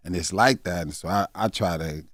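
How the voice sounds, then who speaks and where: A man in his fifties with a very deep voice speaks as a comedian guest in a candid interview. His talk is halting and reflective, full of fillers and restarts. The studio sound is dry and close, with no room echo. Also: fairly bright tone. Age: 50s.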